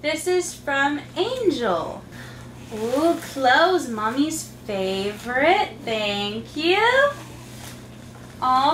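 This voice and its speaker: High, lively mom gushing in sing-song. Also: female voice, slight background noise. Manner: gushing, sing-song baby talk to her toddlers. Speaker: mother and channel host. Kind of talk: casual unboxing vlog talk. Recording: echoey room, mic far off, faint ambience.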